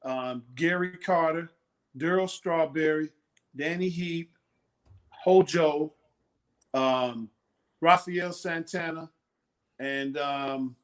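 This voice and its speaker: A former pitcher in his sixties is a guest in a casual interview, animatedly telling stories and performing the voices of the people he quotes. He has a fairly high voice and speaks slowly, pausing often.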